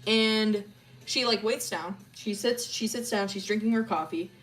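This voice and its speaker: A woman's voice: mid-range voice, measured pace, a bit bright. A woman streamer casually retelling a story, rambling and swearing, with lots of fillers and slang.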